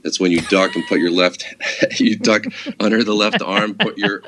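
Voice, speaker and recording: A man's voice: fairly low pitch, huge pitch swings, moderate pace, fairly bright tone, slight background noise. A man guest on a podcast, telling stories in a casual, profane way with lots of fillers. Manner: casual, profane, laid-back storytelling with many fillers. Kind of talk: casual chat.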